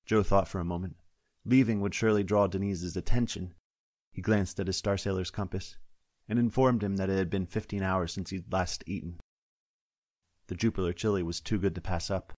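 A man, the author, reading his science-fiction story aloud in a steady, wry narrating manner. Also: sits low, normal speed, no echo. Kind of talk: scripted audiobook narration. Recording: dry close-up studio sound.

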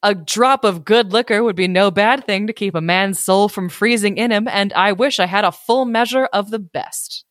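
A woman's voice: medium pitch, normal speed, few pauses, no echo, clean studio sound, natural voice. A woman voicing a brash, cheerful young male drinker while reading a storybook aloud. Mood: shivering. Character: cocky young Irish drinker, a bold man.

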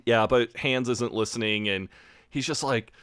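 A man's voice: mid-range voice, steady tone, moderate pace, fairly bright tone, clean tone, no room sound. An American man hosting a podcast in casual chat, retelling scenes animatedly and acting out the quoted lines. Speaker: podcast host.

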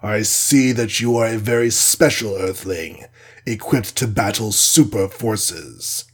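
A cold alien conqueror who drags out every threat slowly and gravely, as a man reads him aloud. His voice sits low and husky, with a storybook menace. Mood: scornful.

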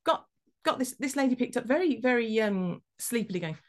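A woman hosting a podcast, telling a story in a lively, self-mocking way. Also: fairly high pitch, brisk. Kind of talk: casual chat.

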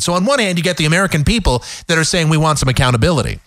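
A man's voice: fairly high pitch, animated, rapid-fire, hardly any pauses, a bit bright, no echo, studio quality. A man hosting a talk radio show, ranting sarcastically in an opinionated monologue. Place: radio studio.

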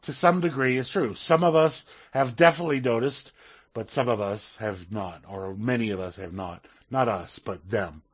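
Husky-voiced man, halting podcast chat. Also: medium pitch. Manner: halting, stammers and repeats words. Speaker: podcast co-host. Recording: tinny phone-like lo-fi sound.

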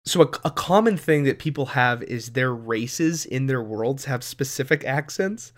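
A man's voice: medium pitch, animated, a little slow. A man co-hosting a casual podcast chat about running tabletop games, talking enthusiastically with many fillers. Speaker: podcast co-host and game master.

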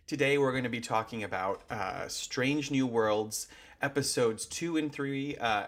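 A man's voice: mid-range voice, a bit bright. Playful joking male podcast host. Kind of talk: casual panel chat.

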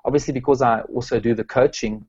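A man's voice: medium pitch, fairly even intonation, quick pace, a little mellow, slightly rough. Man, from South Africa, strengths coach, hesitant, frequent restarts, muffled lo-fi sound. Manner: hesitant, many fillers and restarts. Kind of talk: podcast interview answers.

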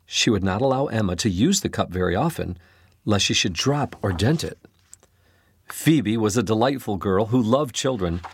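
A man narrating a storybook, reading expressively with an animated delivery. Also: fairly low pitch, slightly rough. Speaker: storybook reader.

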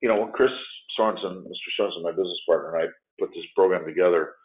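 Older male trainer, deep voice, animated storyteller, tinny phone-quality audio. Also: very fast. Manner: lively storytelling, acting out scenarios. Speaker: workplace de-escalation trainer. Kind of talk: training presentation. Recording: narrow phone-like sound.

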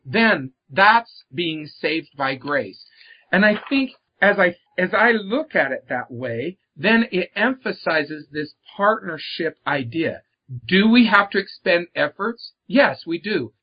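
A husky, high-sitting male voice carries an earnest, reflective talk on faith from an author appearing as a guest. He emphasizes his words and repeats them often, and the audio is a bit muffled and lo-fi.

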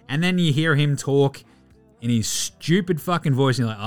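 Australian male podcast host, lively swearing sports rant, fairly high voice. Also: moderate pace, smooth, faint music behind. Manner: animated, swearing, mock-outraged.

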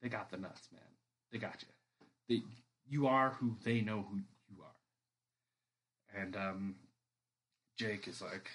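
A man serving as game master, narrating a tabletop game in a relaxed, rambling way with many fillers. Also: lowish voice, takes it slowly, pauses often.

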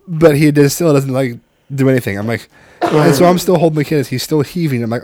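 A man in his thirties telling a family story in casual chat, animated and swearing, acting out the voices of the people in it. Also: mid-range voice, fast talker, noisy background.

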